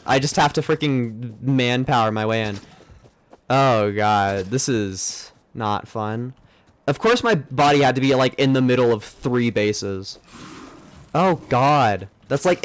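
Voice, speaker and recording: A young man streaming a game live, rambling and joking at himself as he plays. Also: mid-range voice. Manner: rambling, self-mocking, muttering to himself. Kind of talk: live gameplay commentary.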